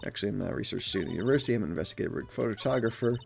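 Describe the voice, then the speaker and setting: Guy doing a chatty lady photographer, low-ish and folksy, bit of music behind. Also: very fast, creaky. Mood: rambling. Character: bubbly young female photographer witness.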